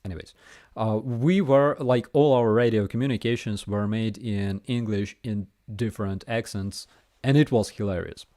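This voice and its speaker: A man with a Ukrainian accent hosting a casual live Q&A and reading chat messages aloud, with a relaxed, hesitant manner and many fillers. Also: fairly low pitch, normal speed, dry recording, clean studio sound. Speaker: livestream host answering chat.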